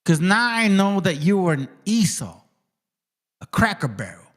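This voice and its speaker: A man's voice: high-pitched, sing-song, a little slow, fairly bright tone. A man hosting his channel, ranting in a confrontational, profane monologue aimed directly at people. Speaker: channel host.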